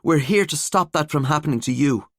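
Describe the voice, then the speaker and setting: A male narrator voicing a living skeleton detective who talks in a wry, chatty, calm way. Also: mid-range voice, a little fast, no echo, studio quality, pitched above the performer's own voice, close to an everyday voice.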